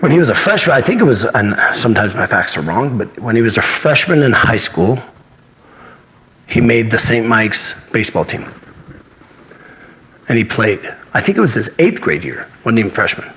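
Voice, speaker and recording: His mid-range voice has lively intonation, a fairly bright tone, and a moderate pace. A martial arts instructor in his fifties, he's an interview guest telling earnest stories about his own experiences and acting out the lines of those involved.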